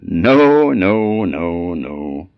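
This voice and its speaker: A sly, cruel little magical man from a storybook tale, as a storyteller with an Orkney accent puts him on. He taunts and bargains in a very low, slow voice. The sound is dry and a little muffled. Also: animated, no room sound, exaggerated voice. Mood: taunting. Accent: Orkney Scots.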